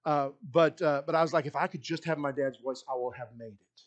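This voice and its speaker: A male pastor giving a sermon, talking in a halting, rambling way with many restarts, often dropping to a soft, low voice as he reflects.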